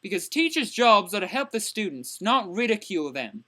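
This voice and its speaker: A woman's voice: mid-range voice, big pitch swings, normal speed, sharp tone. Woman playing a ranting crude young man. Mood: indignant. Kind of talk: comedic character vlog.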